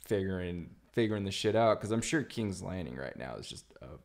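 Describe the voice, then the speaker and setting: A man hosting a podcast in a relaxed, rambling casual chat, full of fillers. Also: sits low, a little fast. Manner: laid-back, rambling with many fillers. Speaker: podcast host.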